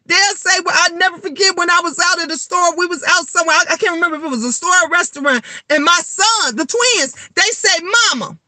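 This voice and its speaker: A middle-aged woman, vlogging in a blunt, animated monologue full of swearing. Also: very high voice, fast talker, hardly any pauses, dry recording. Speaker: vlogger and tarot reader. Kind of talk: casual vlog monologue.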